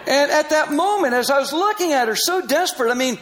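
Older man, very high voice, animated storyteller who laughs often, missionary. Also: fairly quick, rough recording. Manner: animated, laughing often, acting out quoted dialogue. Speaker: Christian missionary. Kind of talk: personal storytelling in conversation.

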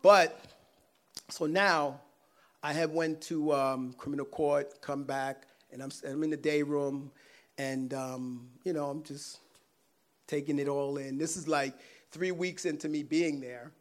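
A man telling a personal faith testimony in a casual, animated way, laughing often and swinging between loud and hushed. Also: a little high, a little slow. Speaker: guest sharing a personal testimony.

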